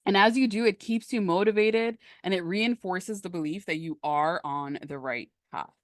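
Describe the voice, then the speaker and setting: A woman coaching on a live stream in a lively, emphatic, conversational way, answering questions from the chat. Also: lowish voice, normal speed, dry recording, clean studio sound. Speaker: manifestation coach.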